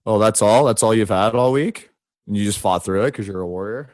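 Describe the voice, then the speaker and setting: A man's voice: lowish voice, a little fast, darkish tone, no room sound, studio quality. A man co-hosting a podcast in casual chat, bantering and telling stories, with many "like"s and a "right?" at the end of lines. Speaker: podcast co-host.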